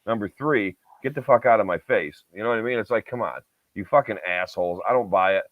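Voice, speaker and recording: A man's voice: fairly low pitch, fast talker, dry recording, narrow, tinny audio. A man co-hosting a podcast, ranting heatedly and swearing a lot in casual chat. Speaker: podcast co-host.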